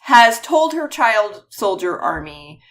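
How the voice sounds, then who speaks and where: Woman podcast host, lively pitch, wry storyteller. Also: slow. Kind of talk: casual chat recapping a film.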